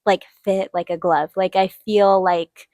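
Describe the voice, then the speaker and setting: Young woman, art channel host, chatty storytelling, acts out quotes higher, dry close sound. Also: flat delivery, a little slow, dark tone, no echo. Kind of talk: casual storytelling while drawing.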